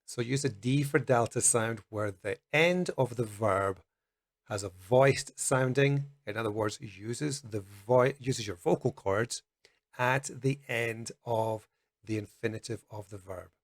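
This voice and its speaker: A man teaching English pronunciation, speaking slowly and carefully and demonstrating each sound. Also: medium pitch. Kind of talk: pronunciation lesson. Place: Colombia.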